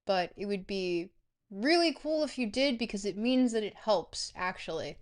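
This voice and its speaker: A woman streamer chatting casually to her viewers, rambling between bites and filling pauses with ums. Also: medium pitch, expressive.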